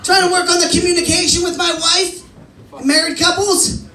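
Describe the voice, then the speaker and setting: A man's voice: very high voice, little pitch movement, moderate pace, pushed and bright. A man performing a crude stand-up set on a comedy club stage and acting as emcee, with punchy delivery. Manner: crude, punchy joke delivery with acted-out quotes. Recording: roomy club sound from a distance.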